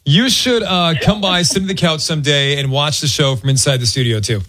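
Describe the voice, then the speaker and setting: A man's voice: on the high side, a little fast, soft background music. A middle-aged man hosting a radio show, joking and chatting casually with a caller. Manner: joking, playful, lively. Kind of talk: casual on-air chat.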